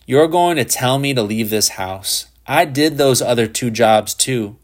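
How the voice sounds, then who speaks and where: A man's voice: medium pitch, expressive, unhurried, voice pushed up, natural voice. A man voicing a sly, mocking teenage boy with a clubfoot in a storybook reading.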